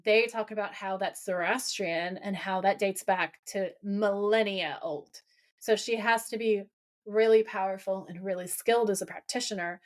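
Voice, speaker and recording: Animated woman podcast co-host. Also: medium pitch, normal speed. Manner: animated, swears, acts out quotes. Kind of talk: casual recap chat.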